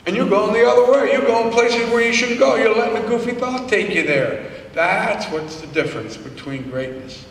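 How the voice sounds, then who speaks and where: A man's voice: high voice, moderate pace, recorded from a distance, a little hiss or hum. Man speechifying in an echoey hall. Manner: punchy, repetitive, slangy and folksy. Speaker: motivational speaker. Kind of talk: motivational speech to a live audience. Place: large hall.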